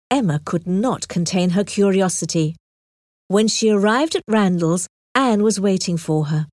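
A woman narrating an audiobook with a clear, expressive reading on a close mic. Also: medium pitch, moderate pace, no room sound.

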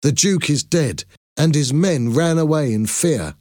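A man's voice: a little high, expressive, unhurried, a little mellow, dry recording, clean studio sound, voice pushed up. A man voicing a loyal, earnest friend who speaks reassuringly in an audiobook. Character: loyal devoted male friend, soldier. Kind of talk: audiobook character voice.

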